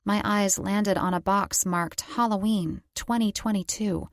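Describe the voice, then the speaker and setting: A woman's voice: mid-range voice, steady tone, measured pace, no room sound, studio quality. A woman narrating a first-person romance audiobook in a wry, conversational storytelling manner.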